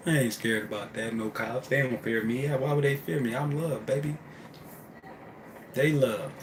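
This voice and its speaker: A man delivering a spiritual preaching monologue, repeating phrases emphatically and swinging from loud outbursts to hushed asides. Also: medium pitch, a little hiss or hum. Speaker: spiritual speaker. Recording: echoey room with faint ambience.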